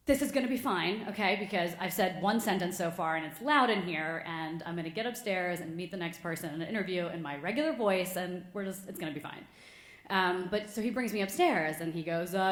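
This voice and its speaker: A woman's voice: medium pitch, a little fast, a bit bright, echoey room. A woman in her thirties from the United States telling a personal story on stage, self-deprecating and chatty. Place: stage before a live audience.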